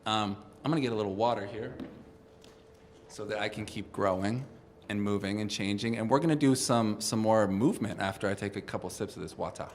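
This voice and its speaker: A man's voice: fairly low pitch, a little fast, long reverb tail. Man, children's music host, encouraging and friendly, faint hiss behind him. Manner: upbeat, gentle, encouraging, addresses kids directly. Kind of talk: interactive kids' music session, talking and singing. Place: indoors, streamed at home.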